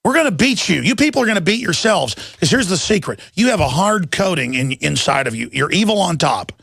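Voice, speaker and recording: A man's voice: high voice, big pitch swings, fairly quick, vocal fry, a bit bright, husky, no echo. A middle-aged man hosting a talk radio show, ranting in an angry, combative and scornful monologue.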